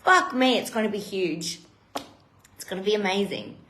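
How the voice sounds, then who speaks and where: A woman's voice: medium pitch, normal speed, long pauses, fairly bright tone, slight background noise. A woman hosting a live stream, talking emotionally and bluntly with heavy swearing. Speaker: retreat host. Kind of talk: live-streamed personal talk. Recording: roomy echo.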